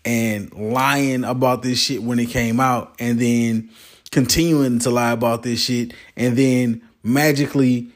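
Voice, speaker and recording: A man delivers a heated political rant straight to his viewers, swearing constantly. His speech rambles and restarts as he gets worked up. His voice sits at a middle pitch. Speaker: vlogger.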